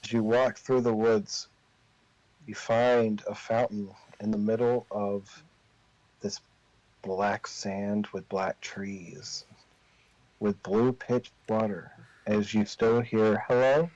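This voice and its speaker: A man runs a tabletop game, narrating in a slow, drawn-out way with a lowish voice. The recording is dry, with no room sound, and dull and lo-fi. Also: little pitch movement, a little mellow, dry recording. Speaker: game master.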